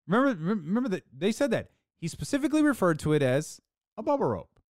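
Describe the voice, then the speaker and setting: A podcast host giving an opinionated sports talk monologue, sarcastic, with mocking put-on quotes and dramatic pauses. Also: medium pitch, sing-song, darkish tone, no echo, studio quality.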